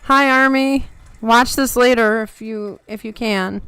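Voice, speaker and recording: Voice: medium pitch, steady tone, unhurried, fairly bright tone, clean tone, no echo. A live-stream host giving emotional reaction commentary, gushing over the moment and chatting with viewers.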